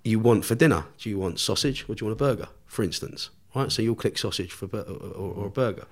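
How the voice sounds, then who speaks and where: A man's voice: lowish voice, fast talker. A man, a podcast guest telling a story in casual chat, swearing constantly and laughing along with his own tale.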